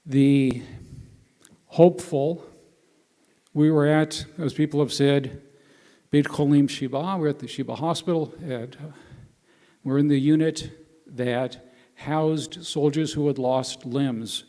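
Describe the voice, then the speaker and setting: A man's voice: fairly high pitch, steady tone, slow. A man, telling anecdotes from a volunteer mission to a congregation and acting out the quotes. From United States. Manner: warm anecdotal storytelling with acted quotes. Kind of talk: storytelling to a congregation. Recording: hall reverb.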